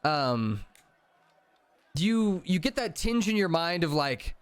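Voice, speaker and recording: A man's voice: fairly high pitch, big pitch swings, moderate pace, no echo. A man narrating a tabletop game as game master, casual and rambling with many fillers.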